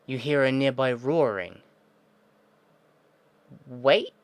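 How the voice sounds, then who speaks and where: Male let's-play host reading game text, mid-pitched, cursing asides, thinking aloud. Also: expressive, slow, no room sound. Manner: swears often, mutters frustrated asides; thinks aloud, reads text then reacts. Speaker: gaming video host.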